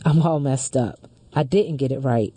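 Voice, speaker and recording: Female talk host, mellow tone, close and dry, earnest measured reader. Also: a bass voice, husky, no room sound. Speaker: radio show host. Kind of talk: reading a letter aloud, then discussion.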